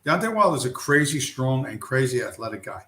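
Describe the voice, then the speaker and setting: Man, middle-aged, livestream host, blunt, foul-mouthed, mid pitch, roomy echo. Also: sing-song, fairly quick, a bit bright. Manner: blunt, heavily profane, heated. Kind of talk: profane casual rant.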